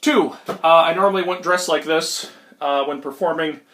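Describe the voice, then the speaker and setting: A man's voice: on the high side, moderate pace, fairly bright tone, a little hiss or hum. A young man from Minnesota who is getting over a cold and has a sore throat, telling a rambling, self-mocking comic magic story at home with many ums and uhs. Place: at home, indoors.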